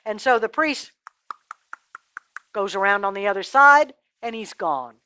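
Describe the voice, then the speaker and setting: A woman with a fairly high voice tells a children's Bible story with lots of expression. She speaks directly to her young listeners, and the sound is close and dry. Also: animated, normal speed, bright, forceful tone, no echo.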